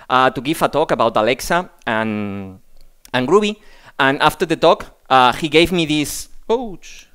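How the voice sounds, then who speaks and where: A man from Spain giving a tech conference talk in a halting way, often repeating words. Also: medium pitch, a bit bright, smooth. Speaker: conference speaker.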